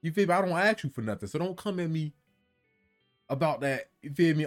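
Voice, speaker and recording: Lively slangy young man. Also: medium pitch, brisk, soft background music. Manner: animated storyteller, slangy and profane. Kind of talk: casual chat. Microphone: desk microphone.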